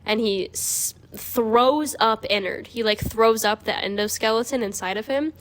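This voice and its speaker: A woman's voice: fairly high pitch, a little slow, a bit bright. A young woman hosting a podcast, explaining in a rambling, casual way full of "like". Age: young adult. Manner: rambling, peppered with 'like'. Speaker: podcast host. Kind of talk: casual chat.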